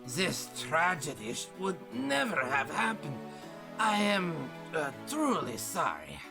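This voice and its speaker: A man's voice: fairly high pitch, huge pitch swings, slow, gravelly, heavily acted. A man putting on a pompous old accented ambassador. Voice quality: put-on old voice with a shifting European accent. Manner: formal, hesitant with polite filler. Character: older male foreign ambassador, pompous and smooth. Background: game music.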